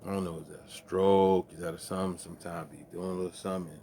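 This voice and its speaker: A man's voice: sits low, fairly even intonation, fast, hardly any pauses, fairly bright tone, a little hiss or hum. A man hosting a late-night music stream, rambling in profane, laughing, casual chat between songs.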